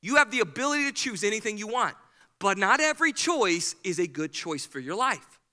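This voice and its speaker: A man's voice: high voice, big pitch swings, fairly quick, sharp tone. A male pastor preaching a sermon with energy, acting out the people he quotes. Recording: hall reverb.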